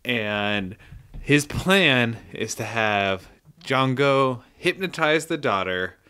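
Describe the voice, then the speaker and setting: A man co-hosts a casual podcast with a bright, forceful voice. He is laid-back and makes fun of himself as he stumbles through a summary in short pieces. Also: medium pitch, lively intonation, clear, resonant tone. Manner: laid-back, self-mocking, summarizes haltingly. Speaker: podcast co-host.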